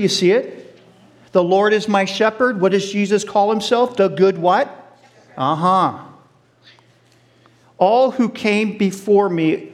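With a voice that sits high, a middle-aged man preaches an animated sermon, questioning his listeners and sharing laughs with them.

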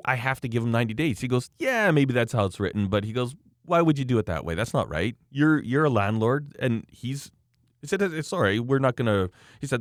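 A man, a landlord, telling a story in a casual, animated way, acting out the quotes and laughing often. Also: medium pitch, no room sound, studio quality.

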